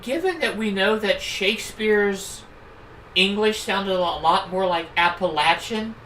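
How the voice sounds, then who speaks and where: A woman's voice: mid-range voice, measured pace, a bit bright, slight background noise. German-native woman streaming, chatty tangents, sore throat, mic kinda far off. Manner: chatty, rambling asides. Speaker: streamer playing a game. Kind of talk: casual stream commentary. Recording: roomy, distant mic.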